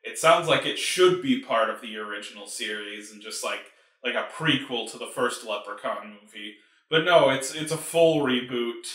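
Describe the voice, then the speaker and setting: A man's voice: mid-range voice, moderate pace, bright, forceful tone. A man hosting a movie review show, ranting in a casual, profane, exasperated way with lots of filler words. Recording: roomy echo.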